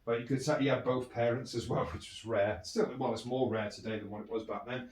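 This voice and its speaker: A man's voice: medium pitch, fairly even intonation, brisk, darkish tone, distant mic. Candid British man with a roomy echo. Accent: British English. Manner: rambling and candid, with frequent restarts and chuckles. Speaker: podcast host. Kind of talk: candid personal storytelling.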